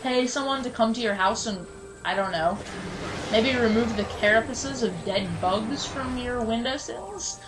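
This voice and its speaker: A rather high-voiced woman talks through a video game in a relaxed, chatty way. She pokes fun at herself and snaps in mock anger at the enemies on screen. Game music plays clearly behind her. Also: a little slow, poor audio. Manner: chatty and self-mocking, with sudden mock-angry outbursts at enemies. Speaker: let's play commentator. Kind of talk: casual gameplay commentary.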